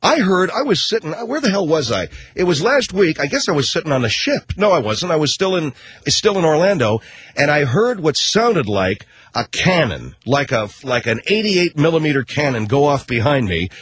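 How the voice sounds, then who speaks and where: A man's voice: on the high side, sing-song, moderate pace, a bit bright, breathy edge. A middle-aged man hosting a talk show, telling a rambling, sarcastic comic rant with casual swearing and constant self-corrections. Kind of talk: comedic rant monologue.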